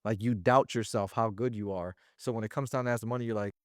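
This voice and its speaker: A man talking as an interview guest about running a sales business, in slangy, animated casual speech. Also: fairly low pitch, quick pace, no echo, clean studio sound. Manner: slangy and animated, often acting out little quoted exchanges.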